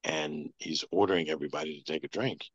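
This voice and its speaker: A man telling a long personal story as an interview guest, in a flat, matter-of-fact way. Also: a bass voice, brisk, slightly rough, no room sound. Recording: dull lo-fi sound.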